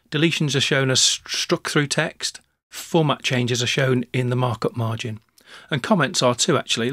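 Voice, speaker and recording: A man narrating a screencast software tutorial, talking through each step in a relaxed way with small restarts. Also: mid-range voice, no echo, studio quality.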